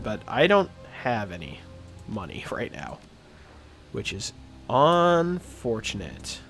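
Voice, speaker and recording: A man's voice: medium pitch, wildly swooping pitch, slow, a bit bright, faint music behind. A man streaming a game live, reading its text aloud and chatting about his choices.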